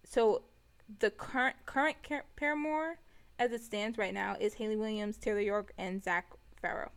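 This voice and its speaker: A woman co-hosting a casual podcast, her voice at an ordinary middle pitch. She sounds a little tipsy and talks hesitantly, stuttering and filling gaps with ums. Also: fairly even intonation, normal speed. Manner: hesitant, stuttering and umming a lot. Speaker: podcast co-host. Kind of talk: casual chat.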